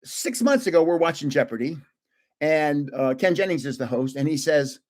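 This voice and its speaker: On his casual trading card livestream, the older host speaks at normal speed in a high-ish, slightly mellow voice with lively intonation. He tells rambling stories, often chuckling and correcting himself.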